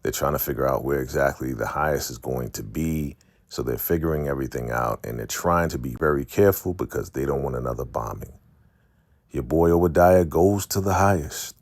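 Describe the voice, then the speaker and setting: A man's voice: very deep voice, fairly quick, no echo. A man casually recapping a TV episode for his viewers, chatty and calling them family. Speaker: recap host.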